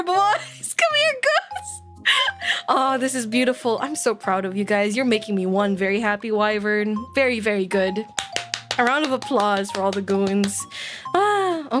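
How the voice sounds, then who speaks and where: A woman's voice: fairly high pitch, fairly bright tone. A woman streamer chatting casually and playfully with her audience, laughing often. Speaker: virtual streamer. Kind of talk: casual live-stream chat. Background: faint background music.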